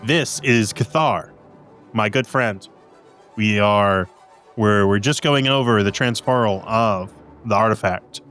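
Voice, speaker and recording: A man's voice: on the low side, slow pace, a bit bright, soft background music. A man voicing a friendly, rambling male human ambassador who stumbles over his words.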